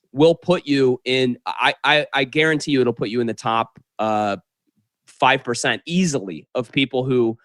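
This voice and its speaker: An author guesting on a podcast talks animatedly, rattling off advice in quick bursts. His voice sits in an ordinary middle range, and the recording is dry and close. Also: medium pitch, a bit bright, no room sound. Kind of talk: casual conversational interview.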